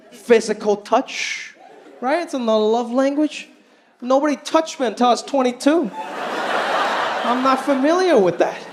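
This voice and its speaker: Stand-up comic, male, 30s, high voice, animated and self-deprecating, live crowd. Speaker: stand-up comedian. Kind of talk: stand-up comedy routine. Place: comedy stage before a live audience. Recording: live club with audience laughter.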